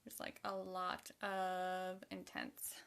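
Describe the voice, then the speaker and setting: Slow, creaky young woman vlogger. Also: on the low side, completely flat delivery, a bit bright. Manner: talks to herself, half-whispering at times. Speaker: makeup vlogger. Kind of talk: casual chat while doing makeup.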